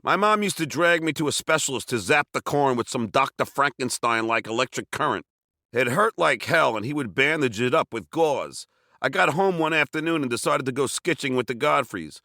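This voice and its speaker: A man from Long Island reading his own memoir aloud, telling it with wry, self-mocking humor and bursts of shouted dialogue. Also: a little high, lively intonation, brisk, vocal fry, dry recording, studio quality. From Long Island, New York. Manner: wry, self-mocking comic storytelling with sudden shouted quotes. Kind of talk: audiobook memoir narration.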